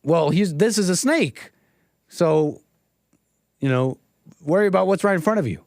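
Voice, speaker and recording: A man's voice: a little high, animated, moderate pace, a little mellow, a little hiss or hum. Sarcastic man streaming solo. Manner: sarcastic, mocking, talks over the clip. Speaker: livestream host. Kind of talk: mocking commentary over a played clip. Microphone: desk mic, streaming solo.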